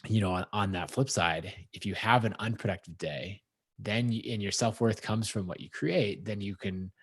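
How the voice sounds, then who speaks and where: A man talks through his thoughts slowly on a podcast, reflective and searching for words. His voice is husky and dry, with no room sound around it. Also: lowish voice, no room sound. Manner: reflective, thinks aloud with fillers. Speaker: podcast co-host. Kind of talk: casual conversation.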